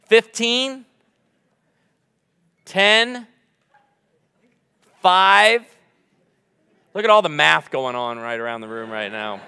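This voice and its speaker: The guest preacher, a man in his 40s, jokes with his congregation in a church sanctuary during a humorous sermon. His voice sits a little high and comes out slow and creaky, with frequent pauses, pushed and bright yet smooth. The sound has a big-room quality.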